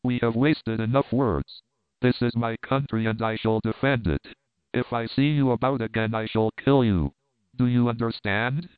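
A man voicing a fierce, proud noblewoman who speaks coldly and firmly, in a low, slow voice with a tinny sound. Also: fairly even intonation, smooth, no room sound, natural voice. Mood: commanding. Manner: cold, commanding, slow and firm. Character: fierce, proud noblewoman defending her land. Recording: dry, tinny phone-like sound.

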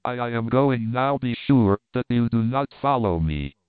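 A fierce, proud noblewoman issues cold, firm commands, as a man reads her part. She speaks slowly in a low, clear voice. The sound is dry and narrow, like a phone. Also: lively intonation, no echo, lightly acted. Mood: commanding.

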